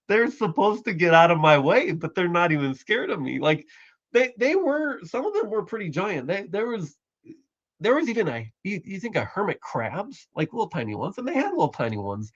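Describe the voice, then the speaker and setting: Male stream host, slightly high voice, rambling casual chat, dry dull lo-fi sound. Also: no room sound. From Canada. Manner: rambling, self-correcting, chuckles often.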